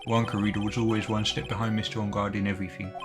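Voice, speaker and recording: A man voicing a blunt, gruff male police detective who keeps calling the judge sir. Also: fairly low pitch, flat delivery, rapid-fire, natural voice. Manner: blunt, loyal, says sir. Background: game music.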